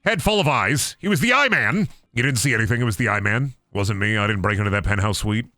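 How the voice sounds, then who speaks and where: A man's voice: lowish voice, quick pace, sharp tone, no room sound, clean studio sound. A young man streaming a video game, joking around in a goofy, playful way and slipping into silly voices. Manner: goofy, jokey, often putting on silly voices. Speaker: gaming streamer.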